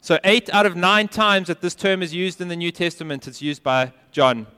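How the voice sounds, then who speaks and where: Smooth-voiced pastor preaching in a reverberant hall. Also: male voice, high-pitched, fairly even intonation, normal speed. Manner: earnest and emphatic, dropping to quiet intensity. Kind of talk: sermon.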